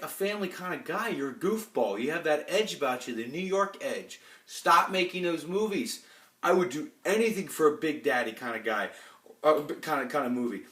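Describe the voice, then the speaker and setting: A man's voice: a little high, a bit bright. A man in his twenties ranting casually and bluntly to a phone camera, rambling and restarting his sentences. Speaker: movie vlogger. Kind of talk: casual opinionated rant. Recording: roomy echo.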